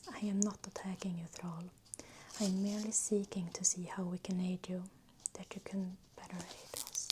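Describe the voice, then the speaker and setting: A woman voicing a deep-voiced male elder shaman who speaks in a measured, diplomatic way, in a whispered role-play. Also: little pitch movement, background noise, close to an everyday voice. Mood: conciliatory.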